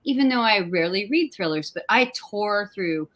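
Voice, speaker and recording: A woman's voice: lively intonation, normal speed, a bit bright. A woman from New Jersey hosting an interview over a video call, light-voiced and gushing, with many "like" fillers. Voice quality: light, high voice. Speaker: host. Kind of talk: conversational interview.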